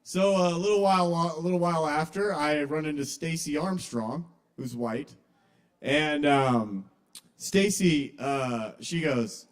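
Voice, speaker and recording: At an open mic in a kava bar, a young man performs casual, confessional stand-up. His voice is a little high and a little slow, and he bursts out loudly whenever he quotes someone.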